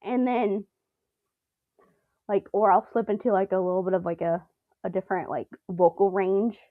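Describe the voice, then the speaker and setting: Woman, casual chat, animated, laughing, dry, slightly muffled. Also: medium pitch, normal speed, dry recording. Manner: animated, laughs often, playful voice imitations. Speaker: co-host. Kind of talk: casual chat reacting to a TV episode.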